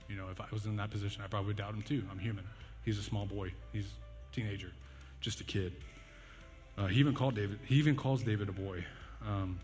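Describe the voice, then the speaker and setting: A young man preaching a casual sermon, conversational and jokey, telling stories and leaning on fillers. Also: lowish voice. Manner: conversational, jokey, self-deprecating, with fillers and laughs. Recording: long hall reverb, faint music behind.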